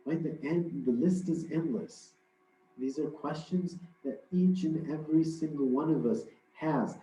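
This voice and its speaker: A man's voice: fairly high pitch, dark tone. A man giving a religious lecture in a conversational, storytelling way, with frequent fillers and restarts. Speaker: religious speaker. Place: religious hall. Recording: roomy, dull lo-fi hall recording.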